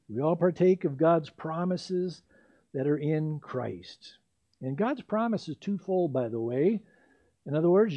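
A man preaching a sermon, telling the story in a lively way with playful asides. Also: fairly high pitch, lo-fi sound.

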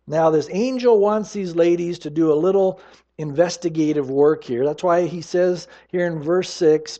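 Emphatic high-voiced male preacher. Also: animated, a little mellow, highs cut off. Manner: emphatic preaching, slows down to stress scripture lines. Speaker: pastor. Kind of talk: sermon.

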